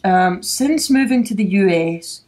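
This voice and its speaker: A woman's voice: medium pitch, expressive, unhurried, a little mellow. A middle-aged Scottish woman hosting a podcast, chatting and telling anecdotes with frequent laughter. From Scotland. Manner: chatty storyteller, laughs often. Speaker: podcast host. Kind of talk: casual chat.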